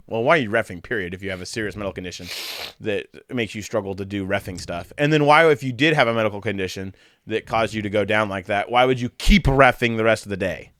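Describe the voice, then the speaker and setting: A man co-hosting a casual podcast chat, retelling video clips in a lively play-by-play way. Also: medium pitch, no room sound, studio quality. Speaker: podcast co-host.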